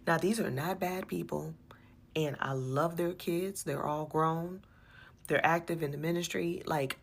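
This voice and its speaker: A woman with a low, gravelly voice tells an exasperated story about her church. She talks with animation and circles back over her points. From USA. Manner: animated, exasperated, repeats herself. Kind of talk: personal storytelling.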